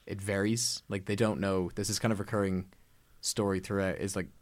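A man's voice: sits low, steady tone, fairly quick. A man hosting a podcast, chatting casually about films in a rambling way and acting out quotes. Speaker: podcast host. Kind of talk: casual film discussion.

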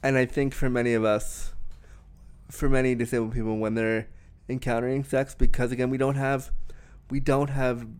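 A man's voice: medium pitch, little pitch movement, normal speed, darkish tone, clean tone. A young man talking frankly in a conversation, laughing often and restarting his sentences. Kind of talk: candid conversation.

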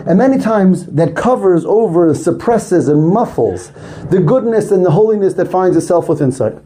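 A man's voice: sits high, warm tone. A man, a rabbi, giving a sermon with earnest storytelling and rising emphasis on key words.

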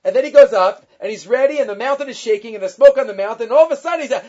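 A man giving a weekly Torah class, quickly reading Hebrew sources and explaining them in English with lively emphasis. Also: extremely high pitch, lo-fi sound. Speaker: Torah teacher.

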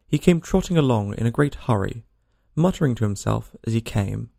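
A man reads a storybook aloud with a gravelly, mellow voice. His pitch moves in a lively way. The sound is dry and close. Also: moderate pace, dry recording. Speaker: narrator. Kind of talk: storybook reading.

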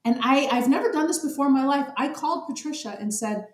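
A woman's voice: sits high, fast talker, roomy sound. A woman talking about special education policy in an interview, earnest and emotional, often repeating words as she speaks. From Arizona. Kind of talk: interview conversation.

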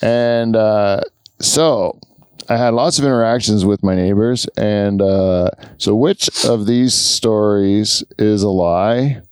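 A man's voice: on the low side, slow pace, clean tone, no echo, clean studio sound. A man hosting a podcast, telling rambling stories in casual chat, with lots of fillers and laughs. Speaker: podcast host.

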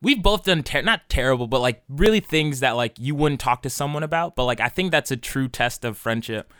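A man's voice: medium pitch, lively intonation, fairly quick, fairly bright tone, clean tone, no echo, studio quality. Young man, casual podcast storyteller, loose and profane, clean resonant voice. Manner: rambling storyteller, swears a lot, many restarts. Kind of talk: casual chat.

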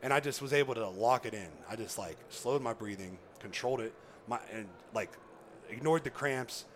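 A man, a former pro football player, telling an animated hunting story, laughing and acting out what others said. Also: medium pitch, moderate pace. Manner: excited, laughing, acts out quoted voices.

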